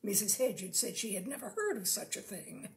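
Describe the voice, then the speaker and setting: A woman reading a short story aloud in a measured, expressive way. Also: mid-range voice. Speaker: story reader.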